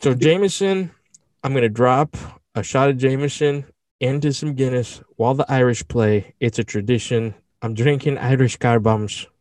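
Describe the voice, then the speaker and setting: A man's voice: medium pitch, normal speed, darkish tone, no echo, close to an everyday voice. A man putting on a clumsy Irish accent, boisterous and swaggering.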